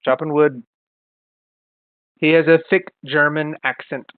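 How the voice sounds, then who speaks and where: A man's voice: a little high, fairly even intonation, unhurried, no room sound. Chatty man running a tabletop game. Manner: chatty, apologetic, laughs often. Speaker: game master. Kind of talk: narrating a tabletop game over a call. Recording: phone-like online call.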